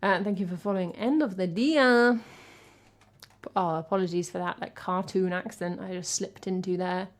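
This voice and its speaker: A woman's voice: lowish voice, little pitch movement, fast talker, few pauses. An English woman from England, a music streamer chatting casually between songs, reading chat and thanking viewers in a chatty, self-deprecating way.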